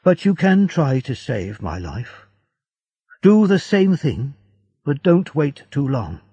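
Weak gentle old dying prisoner, man reading it, raspy and slow, dull dry audio. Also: a little high, sing-song, no room sound, pitched above the performer's own voice, heavily acted. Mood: tender.

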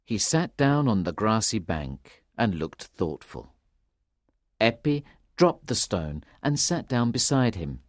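A woman narrating a storybook in a calm, measured way. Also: very deep voice, no echo, studio quality. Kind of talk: storybook reading.

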